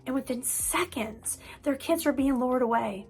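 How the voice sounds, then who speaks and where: An earnest woman counselor explains parenting lessons in an emphatic way, often repeating a word for weight. Her voice sits high in the female range. Faint music plays softly underneath. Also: moderate pace, husky. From United States. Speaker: mental health counselor. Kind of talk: parent-coaching talk.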